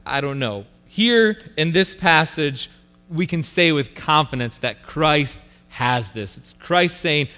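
Bright-voiced preacher in a reverberant hall. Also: male voice, mid-range voice, measured pace, clean tone. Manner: earnest preaching with repetition for emphasis. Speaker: pastor. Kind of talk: sermon. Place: church sanctuary.

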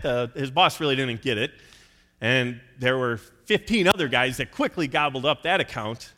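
A man's voice: mid-range voice, lively intonation, normal speed, sharp tone, in a large hall. A man preaching a sermon, telling stories and acting out the voices of the people in them. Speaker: pastor.

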